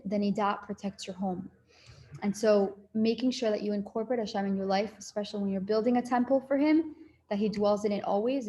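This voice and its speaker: A young woman speaking casually to an audience about relationships, her voice sitting at an ordinary middle pitch. She rambles in a friendly way, full of "like" and "you know". She slips into quick little quoted dialogues as she talks. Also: a little mellow, muffled recording. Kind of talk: casual talk to a live and Zoom audience.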